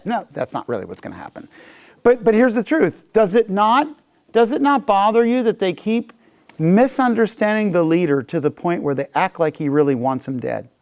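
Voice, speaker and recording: A man teaching a Bible class, lively and animated, acting out the people's complaints as he reads. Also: high voice, normal speed.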